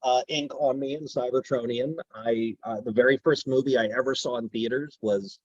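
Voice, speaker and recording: A voice actor talks enthusiastically in a casual interview, telling stories from his career. His voice is husky, with a dry, close sound. The recording is slightly dull and lo-fi. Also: mid-range voice, steady tone, normal speed, no room sound. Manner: enthusiastic, storytelling, drops into character voices. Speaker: voice actor guest.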